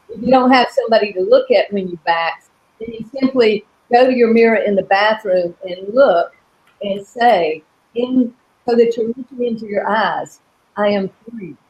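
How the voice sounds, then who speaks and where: A woman's voice: medium pitch, darkish tone, poor audio. A middle-aged woman hosting a live coaching session, talking earnestly and walking listeners through a repeated affirmation exercise. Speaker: coach and host. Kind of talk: live coaching webinar talk.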